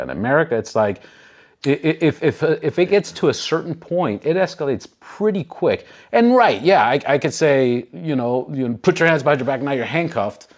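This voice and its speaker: A man in his thirties hosting a casual talk show, telling stories animatedly with plenty of swearing and acted-out quotes. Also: medium pitch. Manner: animated, profane, acts out quoted people. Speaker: podcast host. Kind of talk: casual storytelling.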